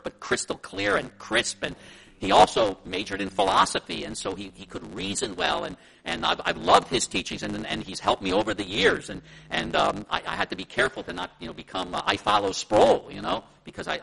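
Gravelly, animated Pennsylvania Dutch pastor. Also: male voice, sits high, poor audio. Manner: conversational, rambling with anecdotes. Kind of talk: Sunday school teaching.

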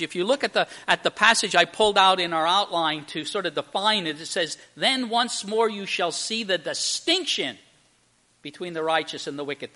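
A pastor with a high-pitched, bright, forceful voice preaches a sermon. He tells a joke and then explains a Bible passage, restarting often and stressing words emphatically.

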